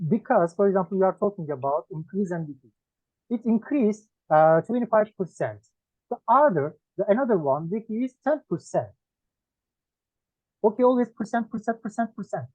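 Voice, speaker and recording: A man with a Turkish accent, whose first language is Turkish, teaching English one-on-one and listing words one by one with pauses. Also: high-pitched, darkish tone, dry recording. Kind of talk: one-on-one lesson. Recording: dry tinny phone-like sound.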